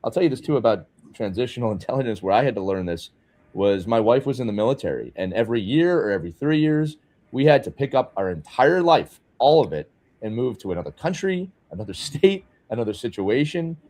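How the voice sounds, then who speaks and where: A man's voice: mid-range voice, lively intonation, a little fast, a little mellow. A man co-hosting a podcast interview, talking conversationally and chuckling between thoughts. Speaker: podcast co-host.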